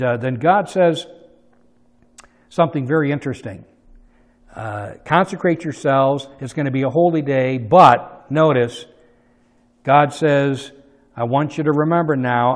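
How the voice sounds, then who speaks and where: A man preaching a sermon, swinging from soft asides to loud, emphatic peaks as he retells a story. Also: mid-range voice, measured pace, big-room sound. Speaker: pastor.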